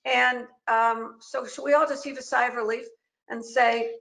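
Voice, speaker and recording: A woman's voice: fairly high pitch, fairly even intonation, moderate pace, creaky, fairly bright tone, rough recording. A woman moderating a webinar panel over a video call, chatty and emphatic, firing off pointed questions.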